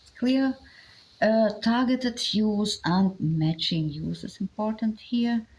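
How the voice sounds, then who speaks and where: A woman with a German accent explaining ideas step by step, with many pauses and fillers. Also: medium pitch, a little mellow, low-quality recording. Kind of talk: explanatory talk on communication.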